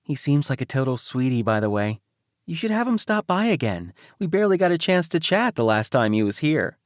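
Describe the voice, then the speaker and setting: A man's voice: medium pitch, sing-song, fairly quick, dry recording, clean studio sound, voice pushed up, lightly acted. A male audiobook narrator voicing a young woman boss who sounds kind and concerned. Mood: friendly. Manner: friendly, concerned.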